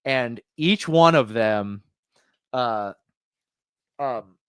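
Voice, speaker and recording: Rambling podcast host, dry sound. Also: male voice, medium pitch, animated, extremely slow, smooth, no room sound. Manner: rambling, with many fillers and restarts. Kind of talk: casual pop-culture chat.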